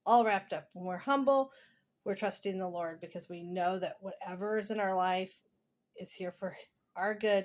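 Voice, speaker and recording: A woman's voice: mid-range voice, darkish tone. A woman vlogger and mother talking through her day in a casual voiceover, chatty and rambling, earnest and encouraging. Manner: chatty, rambling, self-deprecating.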